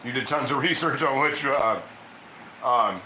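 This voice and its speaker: A man's voice: medium pitch, measured pace, bright, forceful tone, a little hiss or hum. Chatty man in an echoey kitchen. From Ohio. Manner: rambling, chatty, reads viewer comments aloud. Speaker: cooking livestream host. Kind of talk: casual livestream chat while cooking.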